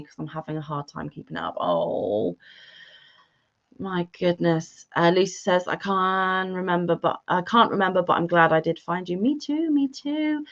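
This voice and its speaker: Woman, livestream co-host, warm chatty manner, dull lo-fi sound. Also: lowish voice. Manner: warm, chatty, calls viewers honey. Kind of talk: casual livestream chat reading comments.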